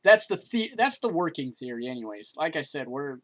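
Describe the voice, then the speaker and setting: A man co-hosting a podcast, explaining things in a measured way. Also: fairly high pitch, big pitch swings, a bit bright. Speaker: podcast co-host. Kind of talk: casual chat.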